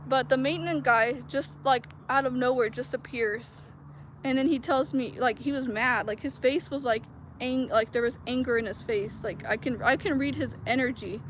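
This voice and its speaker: High-pitched woman vlogging outside, rambling with lots of "like", loud traffic noise behind her. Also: normal speed. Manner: rambling, heavy use of "like" fillers. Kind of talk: casual storytelling to viewers. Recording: noisy outdoor street recording.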